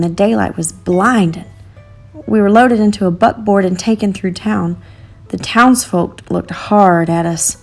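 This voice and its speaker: A woman narrates a storybook in an earnest, measured voice. Her pitch sits in the middle of the range. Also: darkish tone. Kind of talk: storybook reading.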